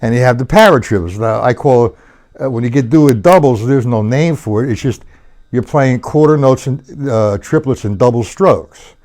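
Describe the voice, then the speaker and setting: A man's voice: medium pitch, moderate pace, a little mellow. Man teaching drums on a live stream. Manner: counts beats aloud while demonstrating; loose, swears at own mistakes. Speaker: drum teacher. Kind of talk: live-streamed drum lesson. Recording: faint drum kit in the room.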